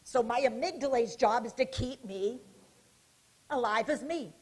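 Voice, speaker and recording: A woman giving a keynote talk at a conference. She speaks in an animated, directive way, asking the audience questions and guiding them through hand gestures, with a small mic worn near her neck. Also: fairly high pitch, unhurried, breathy edge. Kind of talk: interactive conference lecture. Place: conference hall stage.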